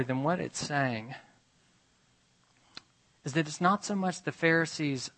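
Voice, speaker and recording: A man's voice: on the high side, a bit bright. A man preaching a sermon, emphatic and repetitive, pressing his listeners with rhetorical questions.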